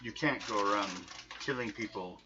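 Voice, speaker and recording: A man's voice: lowish voice, normal speed, natural voice. A man voicing a weak-voiced male vampire count who speaks in a formal, clipped and disdainful way. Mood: weary. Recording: dull lo-fi recording, faint music behind.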